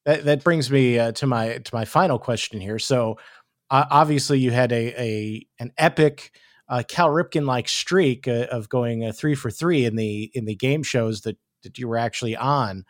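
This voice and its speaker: A man hosting a podcast, asking his guest long, halting questions full of restarts. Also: medium pitch, no room sound, studio quality. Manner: hesitant, many restarts when asking questions. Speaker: podcast host. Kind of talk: casual interview chat.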